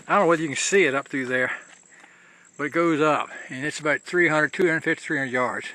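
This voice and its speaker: A man's voice: fairly high pitch, normal speed, long pauses, bright, forceful tone. A man guiding viewers along a mountain trail as he walks, filming handheld in a chatty, loose way, restarting his phrases as he goes. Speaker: hiker scouting a trail. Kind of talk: casual walking commentary to camera.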